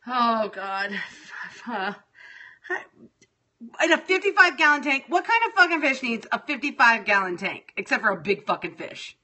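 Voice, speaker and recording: A middle-aged woman talking off the cuff to her livestream audience, exasperated and freely profane. Her voice sits a little high and sounds bright and forward. She drifts from thought to thought in a loose, scattered chat. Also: expressive, measured pace. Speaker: livestream host. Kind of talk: casual livestream chat with viewers.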